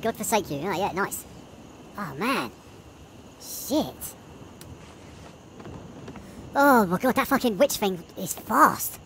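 A woman's voice: medium pitch, very animated, slow pace, pauses often, fairly bright tone, a little hiss or hum. A woman giving let's play commentary while playing a horror game, panicky, swearing constantly and laughing nervously, with game music behind her.

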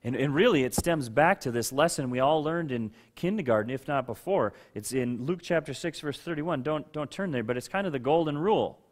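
A man's voice: a little high, lively intonation, a little fast, few pauses. A male pastor and father giving a sermon in a conversational way, asking questions of listeners by name and at times raising his voice for emphasis. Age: adult with children. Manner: conversational preaching, rising to loud rhetorical outbursts.

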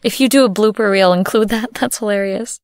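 A woman's voice: medium pitch, brisk, a little mellow, dry recording. A woman chatting casually between takes, giggly and rambling. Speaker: audio drama cast member.

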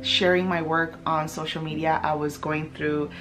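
A young woman author talking casually to her camera, warm and chatty, with bursts of gushing excitement and breathy gasps. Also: low voice, normal speed, over music. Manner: gushing and breathless, many gasps and nervous laughs. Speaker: author and book vlogger. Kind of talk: casual vlog talk to camera.

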